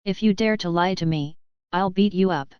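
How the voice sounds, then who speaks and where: A woman's voice: on the low side, moderate pace, darkish tone, clear, resonant tone, no echo, dull audio, natural voice. A woman reading the part of a proud, fiery teenage girl in an audiobook, huffy and blustering.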